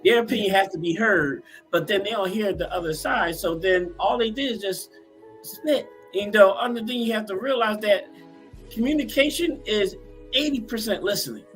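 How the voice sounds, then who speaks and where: A man's voice: sits high, normal speed, fairly bright tone, soft background music, poor audio. A man, a pastor, making earnest, preachy points on a talk show and repeating them. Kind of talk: casual panel discussion.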